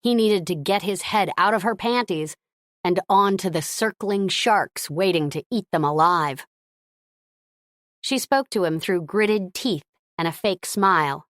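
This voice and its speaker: A woman narrating an audiobook in an expressive, lively reading. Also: medium pitch, unhurried, dry recording, studio quality.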